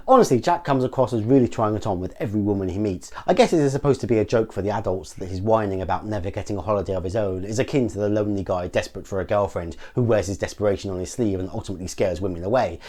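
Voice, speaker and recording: A man's voice: lowish voice, a little mellow. An English man narrating a scripted film review with dry, sarcastic commentary. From England.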